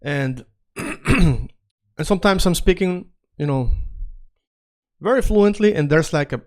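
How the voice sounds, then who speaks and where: A man's voice: a little high, animated, takes it slowly. Man teaching Spanish drills, repeating phrases. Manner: repeats drill phrases many times, asks viewers to say them along; often checks in with "right?" and "okay?". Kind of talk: video language lesson.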